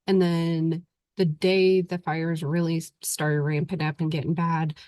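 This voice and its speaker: A woman's voice: low-pitched, little pitch movement, a little slow, darkish tone, no room sound. A woman with an Oklahoma accent and a stuffy voice from recent illness, hosting her show in a rambling, chatty way into a computer mic at home. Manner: rambling, chatty, laughs often. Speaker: podcast host. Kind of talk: casual chat.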